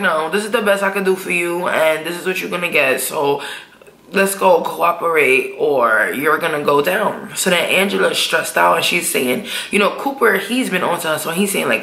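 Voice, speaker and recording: A woman's voice: on the low side, a little fast, gravelly, a bit bright. A woman recapping a TV episode in a casual, slangy vlog, cursing freely and acting out the characters' lines. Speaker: TV episode reviewer. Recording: echoey room.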